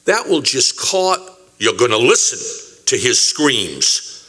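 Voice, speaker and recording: Older man, public speaker, bright forceful tone, dramatic pauses, storytelling emphasis. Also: mid-range voice, very animated. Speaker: compensation fund administrator. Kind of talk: speech to an audience.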